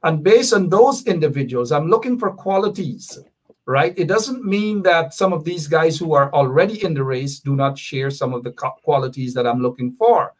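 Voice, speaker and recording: A man appearing as an activist guest on a talk show, explaining his position in a measured, deliberate way and repeating points for emphasis. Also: on the high side.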